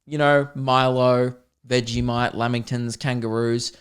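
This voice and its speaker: Rambling Australian man, smooth voice. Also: medium pitch, flat delivery, measured pace. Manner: rambling, self-deprecating, jokey tangents. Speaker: podcast host. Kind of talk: casual solo podcast monologue.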